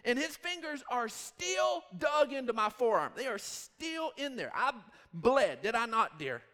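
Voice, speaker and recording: A pastor in his thirties tells a story from the pulpit in a high, bright voice. He rambles and gets animated as he goes. His voice carries a long reverb from the church hall. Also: unhurried. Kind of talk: storytelling sermon.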